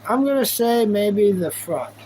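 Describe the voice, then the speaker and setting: A man's voice: high-pitched, animated, a little slow, a little mellow, slight background noise, low-quality recording. A man chatting casually on a live stream, rambling and goofy, thanking viewers as he goes. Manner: goofy, rambling, talks to chat.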